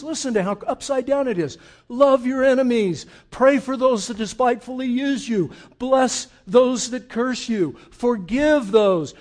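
A man preaching a sermon with emphasis, who asks the congregation questions and moves between loud and hushed passages. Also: very high voice. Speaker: pastor.

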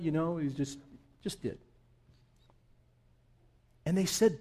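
Male pastor, unscripted sermon, mellow tone, slightly high voice, conversational. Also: slow pace, pauses often. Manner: conversational, building to fervent emphasis. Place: church sanctuary.

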